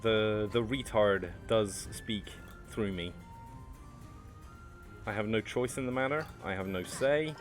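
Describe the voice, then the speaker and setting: Man from France, low voice, rambling joking gameplay chatter, desk mic, faint music behind. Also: slow pace. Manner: joking, rambling, answers chat. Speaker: streamer. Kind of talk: casual gameplay commentary.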